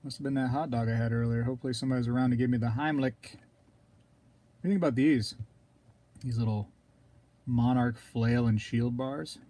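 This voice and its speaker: A man hosting a casual live stream, rambling to viewers in chat and clearing his throat often. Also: medium pitch, steady tone, normal speed, pauses often, dark tone. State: throat scratchy, keeps coughing.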